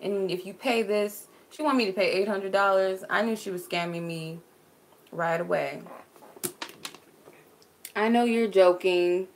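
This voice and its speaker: A woman's voice: mid-range voice, measured pace, long pauses. A woman from Arizona chatting casually on a livestream as a spiritual reader, answering viewers with frequent "like" fillers. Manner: chatty, many "like" fillers, laughs easily.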